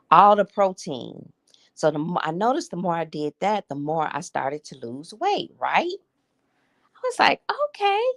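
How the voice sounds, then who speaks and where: A woman's voice: sits low, gravelly. A woman, hosting a candid livestream chat and confiding in her viewers with emotion. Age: 50s. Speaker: livestream host. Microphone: streaming setup.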